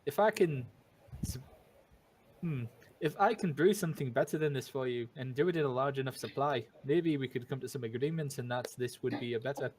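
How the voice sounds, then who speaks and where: A man's voice: medium pitch, fairly quick, darkish tone, a little hiss or hum, close to an everyday voice, poor audio. A man voicing a cocky, friendly male dwarf brewer with a wobbly put-on accent, in a tabletop game.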